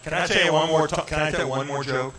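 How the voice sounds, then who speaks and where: A man's voice: a little high, fairly even intonation, fast, bright, forceful tone. A middle-aged man, a comedian chatting and telling jokes in a rambling, self-deprecating way. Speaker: comedian guest. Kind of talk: stand-up jokes and casual chat. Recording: roomy live venue with crowd.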